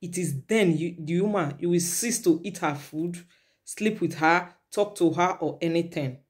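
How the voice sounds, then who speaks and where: A woman's voice: on the low side, normal speed. Nigerian woman vlogger, preachy and repetitive, mixes in Pidgin. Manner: lecturing, repetitive, slips into Pidgin. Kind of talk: preachy commentary vlog.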